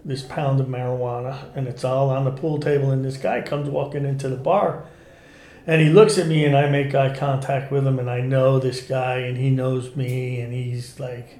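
A man's voice: mid-range voice, moderate pace, reverberant. A man who was an undercover cop, telling his stories in a casual, profane way and acting out what people said. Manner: animated, profane, acts out quotes. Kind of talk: casual storytelling interview.

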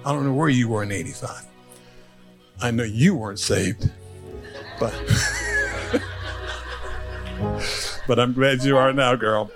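An older man preaching a sermon, telling stories and swinging from hushed asides to rising, emphatic lines. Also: medium pitch, slow, long pauses, music in the background. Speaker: pastor.

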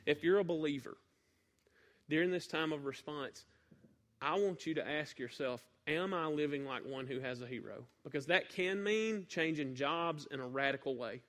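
A man from northeast Mississippi with a Southern accent, preaching a sermon and telling a folksy story with sudden loud bursts. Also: a little high, normal speed.

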